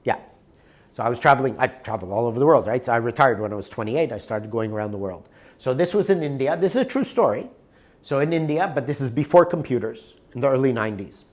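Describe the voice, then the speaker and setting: A man giving a live workshop talk in a room. He speaks casually and keeps checking in with the audience. His pitch sits in a middle range and moves a lot. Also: animated, fast talker. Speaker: workshop presenter.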